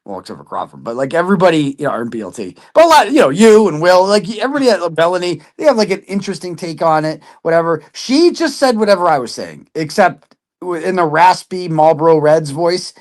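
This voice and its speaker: A man's voice: a little high, very animated, fast. A man in casual chat, telling a story with lots of swearing and putting on other people's voices. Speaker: podcast guest.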